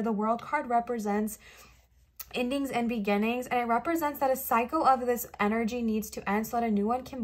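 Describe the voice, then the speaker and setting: Woman, tarot reader, fairly high-pitched, emotional, affectionate, rambling. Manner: emotional, earnest, rambling with restarts; affectionate, reassuring toward viewers. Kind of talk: casual tarot reading for viewers.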